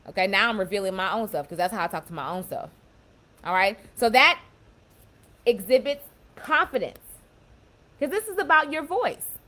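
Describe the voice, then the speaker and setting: A young woman giving a casual motivational talk, emphatic and warm, often repeating and restarting her phrases as she explains. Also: mid-range voice, animated, normal speed, pauses often. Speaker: self-empowerment speaker.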